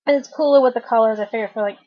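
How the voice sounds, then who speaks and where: A woman in her thirties giving a casual, chatty knitting tutorial to her webcam at home, often clearing her throat. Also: fairly high pitch, rapid-fire. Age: 30s. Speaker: craft tutorial host. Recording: dull lo-fi webcam audio.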